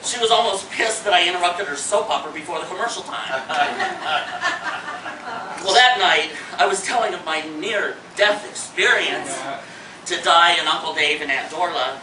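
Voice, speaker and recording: A man spins a comic tale to a live audience in a theater, his voice high and lively. The sound is roomy and caught from a distance, with steady noise underneath. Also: moderate pace. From Indiana. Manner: animated, acts out his panic, shrieks lines. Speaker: storyteller in a one-man show. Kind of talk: comic stage storytelling. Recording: roomy hall, mic from afar, noisy.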